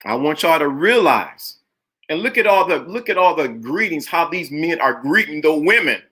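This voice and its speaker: A man hosting a live-streamed talk show, his voice bright and forceful and pitched a little above the usual male range. He preaches his points emphatically and hammers key phrases over and over. He also calls out viewers in the chat by name. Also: expressive, moderate pace, slightly rough. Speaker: livestream host.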